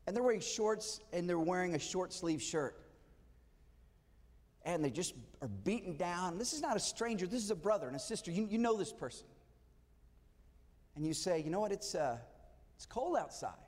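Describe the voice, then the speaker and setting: A man's voice: high voice, expressive, moderate pace, pauses often, in a large hall. A male pastor giving a conversational sermon, asking his listeners rhetorical questions.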